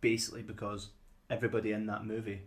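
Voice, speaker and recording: A man's voice: on the low side, little pitch movement, fast. A man co-hosting a podcast in casual chat, often repeating words as he starts a sentence. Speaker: podcast co-host.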